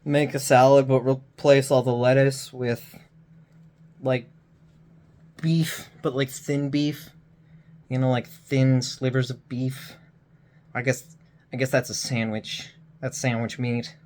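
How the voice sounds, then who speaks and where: Slow, rambling man talking to his phone. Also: medium pitch, little pitch movement, darkish tone, slight background noise. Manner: meandering, self-deprecating, talks in loose tangents. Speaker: vlogger. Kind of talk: rambling casual monologue to camera. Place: lying on a floor indoors. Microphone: phone held overhead in one hand.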